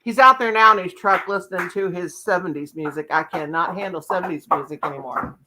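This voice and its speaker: A woman's voice: fairly low pitch, a little fast, noisy background. An older woman chatting casually as a host, laughing often and cooing baby talk to her dogs. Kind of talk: casual chat.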